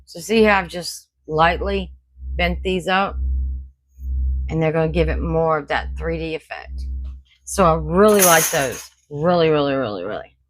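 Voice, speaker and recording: Woman, home decor vlogger, chatty and folksy, slightly low voice, recorded at home. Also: a little slow, long pauses, slight background noise, poor audio. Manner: chatty, folksy, talks to viewers as y'all. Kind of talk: casual unboxing chat.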